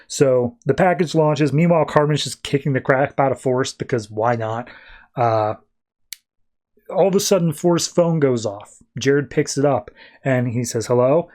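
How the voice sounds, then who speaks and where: Guy on a comics podcast, chatty and animated, mid-range voice. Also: mid-range voice, normal speed. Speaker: podcast host. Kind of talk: casual comic book review.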